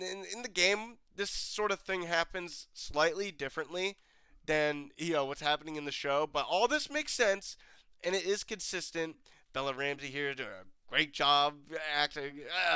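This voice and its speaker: Bright, crisp-voiced man reviewing a show. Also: on the high side, no echo. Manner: rambling, with many fillers and restarts. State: stuffy nose from a cold. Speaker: TV review host. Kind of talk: casual commentary.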